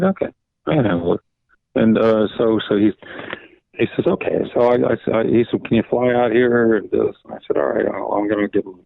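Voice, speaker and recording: Older guy w gravelly low voice rambling thru a story, keeps saying so anyway, sounds like a thin phone line. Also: no room sound. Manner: rambling anecdotes, repeats "so anyway", acts out quoted dialogue. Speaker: guest, veteran comics editor. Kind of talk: casual interview storytelling. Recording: dry tinny phone-like line.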